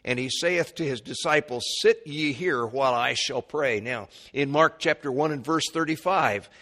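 A man preaching a Bible lesson, chatting at first, then climbing to loud, emphatic peaks when he quotes scripture, with stammered restarts. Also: mid-range voice, moderate pace. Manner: conversational teaching with stammered restarts. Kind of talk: Bible teaching sermon.

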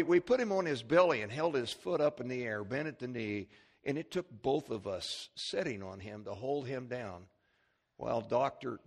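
Storytelling preacher man. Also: mid-range voice. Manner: storytelling preacher, acts out voices in his anecdotes. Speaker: pastor. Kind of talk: sermon.

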